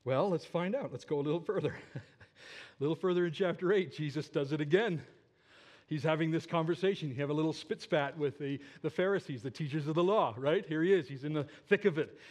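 A middle-aged man delivers a sermon in a fairly high voice. He moves between quiet, drawn-out phrases and loud, emphatic ones, and often turns to his listeners with questions. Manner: animated, swings from hushed to emphatic, asks the audience questions. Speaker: pastor.

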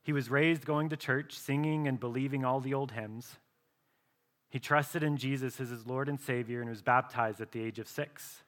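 A male pastor preaching a sermon earnestly, often dropping to a soft, slow voice for emphasis. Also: medium pitch, fairly even intonation.

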